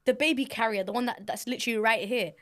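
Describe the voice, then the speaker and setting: A woman's voice: a little high, fast talker, a bit bright. A woman, a podcast co-host and mother, chatting casually and explaining things in a reassuring, slangy way. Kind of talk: casual chat.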